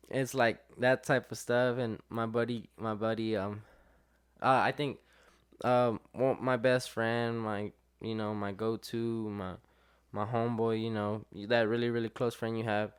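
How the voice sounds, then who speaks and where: Telling a story as a podcast guest, a young adult man chats casually, with many fillers and quotes performed in lively voices. The voice is mid-range and smooth, and the pace is a little slow.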